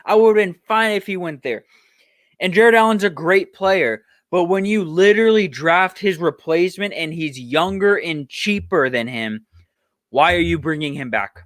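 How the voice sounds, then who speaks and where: A man's voice: high voice, moderate pace, a bit bright, no room sound. A young man hosting a solo sports podcast, ranting heatedly with profanity, then running through roster moves.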